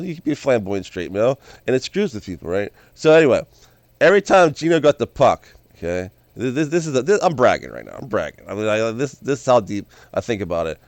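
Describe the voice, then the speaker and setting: A man with a mid-range voice rambles on in a casual, excitable monologue. He stumbles and restarts his phrases and sometimes erupts into loud yells. The sound is dry and close, with no room around it. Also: mid-range voice, dry recording. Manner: calls himself loud, bursts into yells. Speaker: video host.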